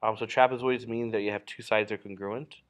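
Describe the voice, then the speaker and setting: A man's voice: on the low side, fairly even intonation, brisk. A man teaching a geometry lesson while drawing, in a casual, explanatory way with frequent fillers and self-corrections. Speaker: math teacher.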